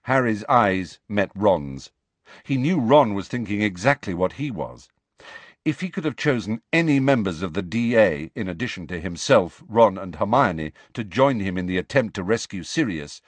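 Expressive male audiobook narrator. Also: fairly low pitch, normal speed, no echo. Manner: expressive storytelling. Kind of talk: scripted narration.

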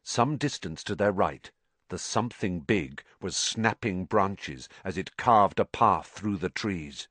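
A man narrating a storybook in a fairly low voice with lively, sweeping intonation. His delivery is dramatic and expressive. The recording is dry and close-miked. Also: takes it slowly, dry recording. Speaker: audiobook narrator.

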